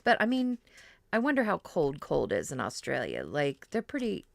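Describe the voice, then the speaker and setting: A woman's voice: low-pitched, wildly swooping pitch, normal speed, gravelly, no echo. A middle-aged woman hosting a crafting livestream, chatting casually and rambling with fillers as she works. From Ohio, US. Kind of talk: casual chat while crafting.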